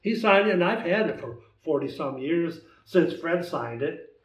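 A man in his sixties, a guest telling stories in a casual chat at home, halting and rambling with many restarts. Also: fairly high pitch, lively intonation, reverberant, recorded from a distance, low-quality recording. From United States. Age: 60s. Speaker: interview guest. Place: home den.

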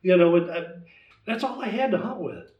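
Older guy telling stories, kinda high voice, sounds far off in a roomy space, dull audio. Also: brisk. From United States. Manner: animated storyteller, acts out voices in his tale. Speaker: guest. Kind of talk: storytelling in casual chat.

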